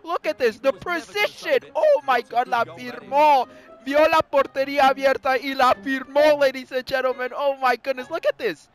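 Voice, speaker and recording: A gamer giving excitable let's play commentary, yelping at near misses and dropping Spanish exclamations into English. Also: high-pitched, normal speed. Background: faint background music.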